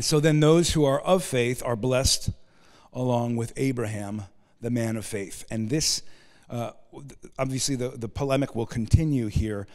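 A man preaching a sermon as pastor, emphatic, swinging between loud rising stresses and quiet low asides, with wry humorous remarks. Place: church sanctuary. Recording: long hall reverb in a church.

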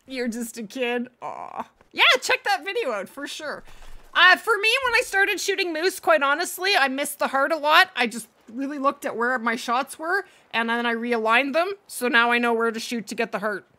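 A woman's voice: sits high, lively intonation, normal speed, pushed and bright. A woman streaming a hunting game live, chatting casually, thanking viewers and often laughing. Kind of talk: live gameplay stream chat.

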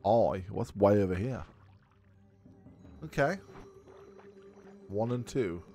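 A low-voiced man with a gravelly edge talks through a game as he plays it. His pitch swings widely, and he swears freely and yelps when something surprises him. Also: lively intonation, slow pace, dark tone, soft background music. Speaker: gaming video creator. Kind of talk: let's play commentary, thinking aloud.

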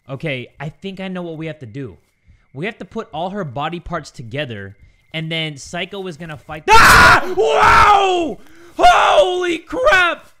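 An excitable young man doing let's play commentary, his voice leaping wildly up and down as he reacts. The tone is bright and sharp, and he often bursts into yelps and shouts. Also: high-pitched. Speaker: gaming YouTuber.

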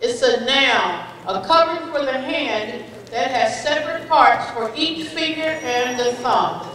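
A woman calling out words at a school spelling bee, giving each definition and a sample sentence in a slow, deliberate, clearly enunciated way, recorded from far off in an event hall. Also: sits high, fairly bright tone. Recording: echoey hall from far off with audience.

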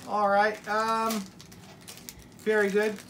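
A woman's voice: mid-range voice, monotone, takes it slowly, fairly bright tone, a little hiss or hum. An American woman hosting a casual family unboxing vlog at home, upbeat and exclaiming as she coaxes a child along. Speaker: family vlogger.

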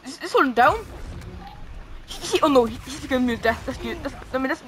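A woman giving casual commentary on her own gameplay, reacting out loud, pleading with and taunting the enemy, and swearing now and then. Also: sits high, lively intonation, brisk. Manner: reactive, pleading and groaning at the game. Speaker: gamer streaming a playthrough.

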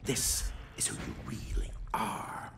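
A man's voice: slow, noisy background, close to an everyday voice. An actor playing a sinister male demonic mask in a video game that mocks and taunts. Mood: menacing taunt. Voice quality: gravelly, menacing. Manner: taunting and mocking. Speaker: game character. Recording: echoey game audio.

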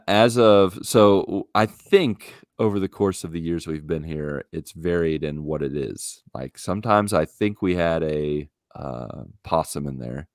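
A man co-hosting a casual podcast chat, telling a story in an animated, exasperated way into a podcast mic. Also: a bass voice, no room sound, studio quality. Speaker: podcast co-host.

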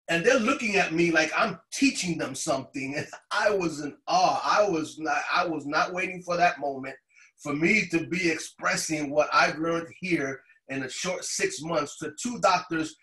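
Excited man on an echoey video call. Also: on the high side, normal speed. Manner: excited, laughs often while telling. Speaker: guest sharing a testimonial. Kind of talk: casual storytelling on a video call.

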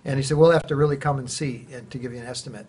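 A man, a church planter, telling a personal testimony in a casual, animated way, acting out quoted dialogue. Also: mid-range voice, rapid-fire, breathy edge. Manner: conversational, animated retelling with quoted dialogue and restarts. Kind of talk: casual spoken testimony storytelling.

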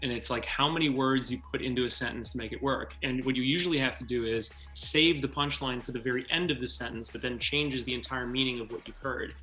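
A man, a filmmaker guest, chatting in an interview, telling stories quickly and acting out quotes. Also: medium pitch, reverberant, faint music behind. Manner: animated, quick storytelling, acts out quotes. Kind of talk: casual interview chat.

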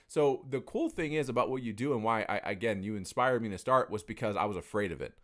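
A man's voice: lowish voice, fast, fairly bright tone. A young adult man in casual conversation, talking candidly and rambling, swearing freely as he tells stories.

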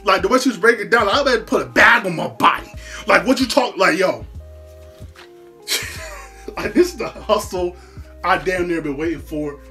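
A host giving casual reaction commentary in an animated way, laughing often, repeating words and using heavy slang. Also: medium pitch, moderate pace, pauses often, faint music behind.

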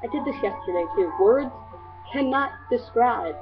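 A teenage girl with a slightly high, animated voice vlogs casually to her friends at normal speed over music. She gushes and rambles in a scattered way, packed with fillers. The audio is tinny, lo-fi webcam sound.

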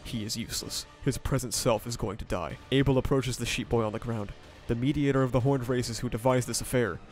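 A man's voice: medium pitch, fairly quick. Man narrating a story summary over music. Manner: steady retelling with brief commentary. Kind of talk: scripted narration.

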